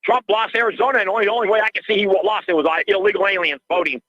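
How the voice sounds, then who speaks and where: A man's voice: sits high, fairly even intonation, very fast, bright, forceful tone, dry recording. An older man calling in to a radio show, ranting in an agitated way and repeating himself, heard through dull lo-fi call audio. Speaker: caller.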